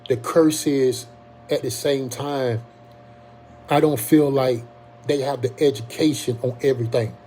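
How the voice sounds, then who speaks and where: A man's voice: medium pitch, steady tone, mellow, a little hiss or hum. A young man tells his own story in a casual, earnest way, often stopping to restart his sentences. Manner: halting, earnest, frequent restarts and ums. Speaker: Covid survivor telling his story. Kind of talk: casual personal testimony.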